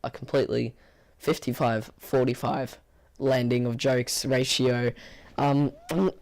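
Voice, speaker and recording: With a mid-range voice that's hoarse and tired, a man talks at a moderate pace about a movie in a casual review. His flat, bored delivery wanders, with many fillers and restarts.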